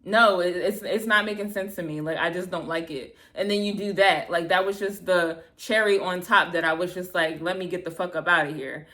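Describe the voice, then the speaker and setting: A woman in her thirties telling a bad-date story to camera, animated and exasperated, acting out both sides of the conversation, with lots of "like" and casual swearing. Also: on the low side, moderate pace, few pauses. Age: 30s. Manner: heavy filler "like", casual swearing. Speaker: vlogger. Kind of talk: storytime vlog, casual retelling.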